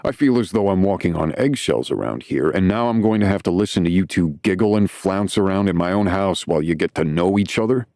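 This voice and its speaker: A man's voice: sits low, animated, brisk, few pauses, a little mellow, no echo, clean studio sound, voice pushed up. A man voicing a grumpy, resentful young hockey player who grumbles bitterly. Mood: grumbling.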